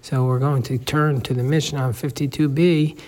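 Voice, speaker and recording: A man's voice: medium pitch, steady tone, normal speed, a little mellow. A man giving a daily Talmud lesson, explaining step by step and weaving Hebrew and Aramaic terms into his English. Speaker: Talmud teacher. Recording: long hall reverb.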